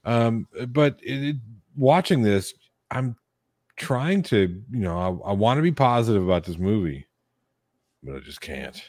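Give me a blunt, low-voiced man on a dry mic chatting on a podcast. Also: very animated, unhurried, a little mellow, dry recording. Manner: blunt, swears, jokes. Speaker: podcast co-host. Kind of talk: casual chat.

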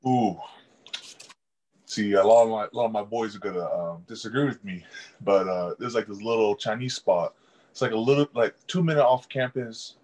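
Young male athlete guest with a husky, lowish voice. Easygoing storyteller who laughs a lot. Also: normal speed, a little mellow, rough recording. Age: young adult. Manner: laughs often while telling stories. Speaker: college football player, interview guest. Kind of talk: casual storytelling.

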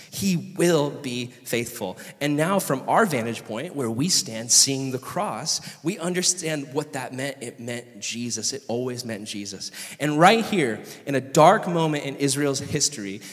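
A man from California, a pastor giving a passionate, conversational sermon and asking the audience questions. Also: medium pitch. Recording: long reverb of a hall.

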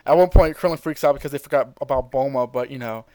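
A man hosting a podcast, retelling a cartoon episode in animated, casual storytelling and acting out quotes. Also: medium pitch, fast talker, dry recording, low-quality recording. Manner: animated storytelling, often laughs and acts out quotes. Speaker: podcast host.

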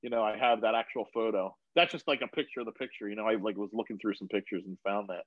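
A man telling a rambling story on a video call, swearing freely and getting animated as he retells it. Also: on the low side, fast talker, dry recording, narrow, tinny audio. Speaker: guest. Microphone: phone on video call.

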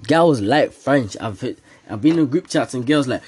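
Husky-voiced teen guy rambling on a podcast. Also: mid-range voice, lively intonation, moderate pace, a little mellow. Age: teens. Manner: rambling, joking, laughs often, slang-heavy. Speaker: podcast host. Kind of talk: casual solo podcast chat.

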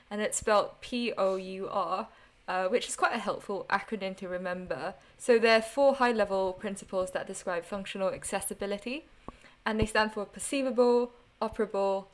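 Earnest woman with a slight accent. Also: medium pitch. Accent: slight non-native accent. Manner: earnest, explanatory. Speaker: podcast guest. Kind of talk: casual chat.

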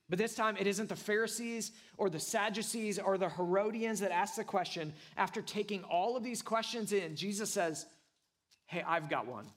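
High-voiced earnest young male pastor. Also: fairly bright tone. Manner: conversational, with frequent "like" and "right?"; emphatic and earnest. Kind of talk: sermon.

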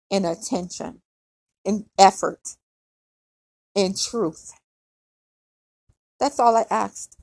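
A woman's voice: medium pitch, vocal fry, darkish tone, no room sound. A young woman venting bluntly in an emotional personal monologue, repeating herself as she talks. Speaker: podcaster.

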